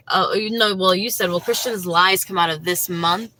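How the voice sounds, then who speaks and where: Pushed and bright, this woman's mid-range voice runs a little fast with hardly any pauses, and the audio is poor. She's giving a tarot reading on a livestream in a chatty way, laughing often, talking to viewers by name, and filling gaps with "you know" and "like."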